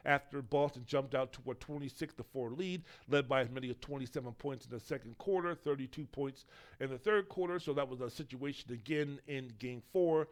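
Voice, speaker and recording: A man's voice: mid-range voice, fairly quick. A man hosting a solo sports podcast, talking in a rambling, opinionated way and swearing casually. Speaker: podcast host.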